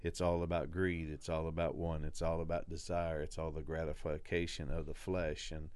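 A man's voice: very deep voice, little pitch movement, normal speed, darkish tone, clear, resonant tone, no echo. A man on a Christian radio show speaking earnestly about faith and contentment. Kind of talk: casual faith talk on radio.

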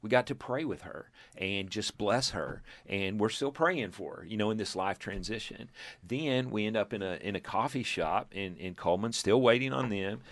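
With a lowish voice and moderate pace, this Texan man in his fifties shares a lengthy testimony with a group. He plants churches, and he narrates with energy, voicing the people he quotes, laughing softly, and starting lines over. The audio carries no echo.

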